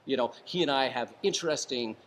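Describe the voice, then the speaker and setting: A man, a former hostage negotiator and author, giving advice in a casual interview, calm and deliberate, varying his tone and pausing for effect. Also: medium pitch, slight background noise. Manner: calm, varies tone and pauses for effect.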